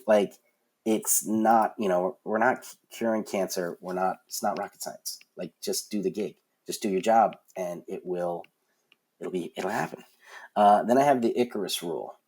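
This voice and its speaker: A man's voice: low-pitched, a little mellow, slightly rough. Rambling, frank man in his forties. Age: 40s. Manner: rambling, frank, with many fillers and restarts. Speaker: guest, concert production manager. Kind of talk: casual storytelling in a podcast interview.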